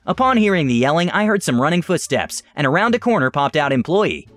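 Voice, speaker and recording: A man doing scripted narration of reader stories in an animated way, with dramatic asides. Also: a little high, quick pace, few pauses, no room sound. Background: faint background music.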